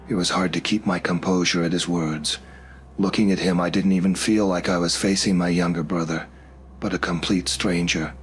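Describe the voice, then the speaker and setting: A man narrating a first-person horror story in a steady, measured way. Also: low-pitched, faint music behind.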